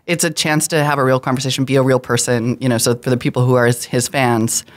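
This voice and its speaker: Chatty woman guest on a tech panel. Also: extremely low pitch. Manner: fast, animated explainer with asides. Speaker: guest commentator. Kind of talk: casual roundtable chat.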